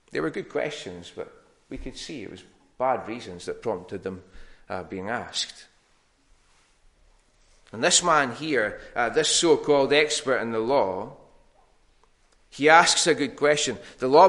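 Man, preacher, conversational sermon, bright voice, frequent fillers and restarts. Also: medium pitch.

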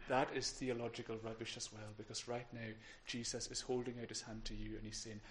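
A man preaching a sermon in an earnest way, building to emphatic peaks and then dropping quiet. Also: medium pitch, level tone, a little fast, hardly any pauses, slight background noise. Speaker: pastor.

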